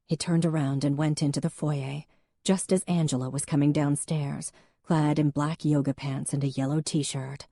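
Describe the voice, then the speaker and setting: A woman's voice: level tone, normal speed, creaky, dark tone, no room sound, studio quality. A woman narrating an audiobook, acting out the characters in a heated argument. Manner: voices characters with rising pitch and force in heated dialogue.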